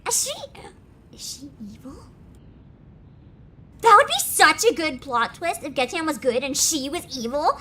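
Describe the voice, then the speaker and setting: A young woman streaming a game, her high, bright voice swinging widely as she reads lines aloud and gushes with giggles in between. A faint hiss of background noise sits under her streaming mic. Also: big pitch swings, measured pace, pauses often. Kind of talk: game livestream, reading and reacting.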